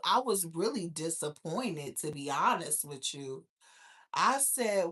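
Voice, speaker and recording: A young woman hosting her own show, chatting casually and reacting to viewer comments, brash and profane, breaking into loud laughter. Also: lowish voice, animated, slow. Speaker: host.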